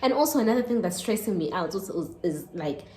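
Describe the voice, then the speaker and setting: A young woman in her twenties with a South African accent telling a storytime vlog, animated and switching between Zulu and English. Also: medium pitch, fast. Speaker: YouTuber. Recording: echoey room, faint noise.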